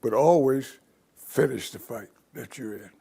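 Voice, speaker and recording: An older man with a gravelly, somewhat husky voice tells his life stories at a steady pace. He rambles a little and slips into the voices of the people he quotes. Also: mid-range voice, measured pace. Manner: rambling anecdotal storyteller who acts out quoted voices. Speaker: interview guest. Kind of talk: storytelling in an interview.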